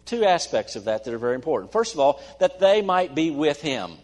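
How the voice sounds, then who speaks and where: A middle-aged man preaching a sermon as pastor, earnest, swinging between emphatic stresses and soft asides. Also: fairly high pitch, very animated, a little fast. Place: church sanctuary. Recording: long church-hall reverb.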